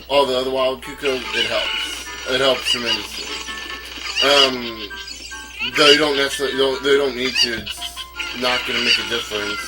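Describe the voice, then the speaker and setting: Game music plays behind this let's play host, a man from North Carolina whose loose, meandering commentary is full of stammers and frequent chuckles. He speaks in a mid-range voice, captured on a low-quality recording.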